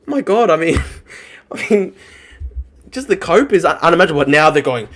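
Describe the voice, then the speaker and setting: A man's voice: fairly high pitch, very animated, normal speed, long pauses, a bit bright. Scornful, profane man ranting live. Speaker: political streamer. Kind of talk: live reaction rant.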